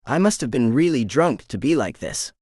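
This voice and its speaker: A man's voice: medium pitch, big pitch swings, moderate pace, a little mellow, no room sound, clean studio sound. A man voicing a nervous, confused alien magician for a storybook reading.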